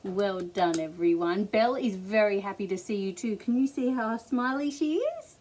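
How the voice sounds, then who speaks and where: A middle-aged Australian woman leading a toddler storytime with a gentle, sing-song, encouraging delivery. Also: mid-range voice, lively intonation, normal speed, slight background noise, low-quality recording. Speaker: children's librarian. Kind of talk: toddler storytime reading and songs.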